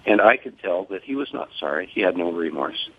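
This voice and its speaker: An older man speaking in a measured, formal way as a guest on a phone interview. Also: low voice, lively intonation. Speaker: guest, father of a fallen soldier. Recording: tinny phone line.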